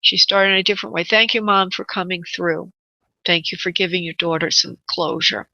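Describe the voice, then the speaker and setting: A woman's voice: lowish voice, fairly even intonation, a little fast, vocal fry, bright, forceful tone, no echo, dull audio. A woman hosting a live radio psychic reading, tender and affectionate and calling her callers honey and sweetheart. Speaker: psychic medium and radio host.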